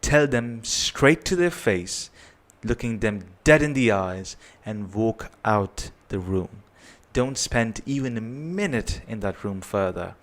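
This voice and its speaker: A man's voice: fairly low pitch, lively intonation, slow. A man giving earnest parenting advice, often checking in with "right?". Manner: earnest, repetitive, tags points with "right?". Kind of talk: advice talk to camera.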